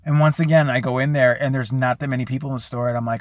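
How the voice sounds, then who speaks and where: A man live-streaming a casual rant, profane and sarcastic, who often mimics other people in a high, mocking voice. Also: fast, no echo. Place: out and about, at a store.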